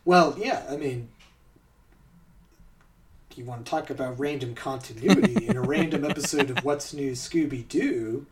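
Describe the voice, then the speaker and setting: A man's voice: medium pitch, a little slow, long pauses, distant mic. A man hosting a podcast in casual chat, laughing often and talking with many fillers and restarts. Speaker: podcast host.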